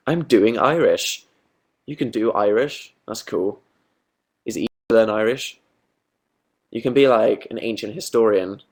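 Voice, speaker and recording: Chatty young man livestreaming. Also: medium pitch. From Britain. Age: young adult. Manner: chatty, self-mocking, quick asides. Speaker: livestream host. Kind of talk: casual livestream chat reading comments.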